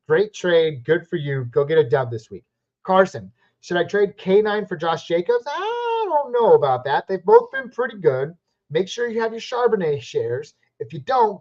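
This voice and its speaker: A man from the West Coast hosting a live Q&A stream, chatty and upbeat, giving quick verdicts on viewer questions. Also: fairly high pitch, darkish tone. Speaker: fantasy football live stream host. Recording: slightly muffled lo-fi stream audio.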